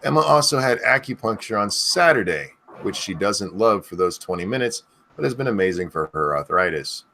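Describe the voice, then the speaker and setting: A man's voice: fairly low pitch, animated, a little fast, creaky, bright, forceful tone, slight background noise. A man hosting a casual online chat show, loose and rambling, thanking his audience and co-hosts. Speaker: podcast host.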